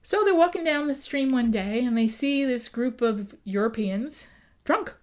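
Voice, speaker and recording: A woman's voice: a little high, a little slow. Chatty woman historian telling history with flair. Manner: lively, acts out quoted voices, often adds "right?". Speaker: town historian. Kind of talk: casual storytelling in a podcast interview.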